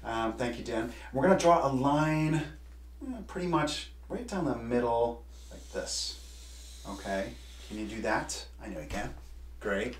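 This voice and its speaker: A man speaking at an average pitch, guiding children through a drawing lesson in an encouraging, teacherly way. His studio sounds roomy, and the voice rings a little off the walls. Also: animated, measured pace. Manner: warm, encouraging teacher talk. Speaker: children's author and illustrator. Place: home art studio.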